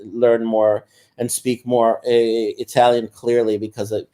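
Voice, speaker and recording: Halting, low-key man in casual chat. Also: flat delivery, dark tone. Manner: halting, many fillers and restarts. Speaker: guest.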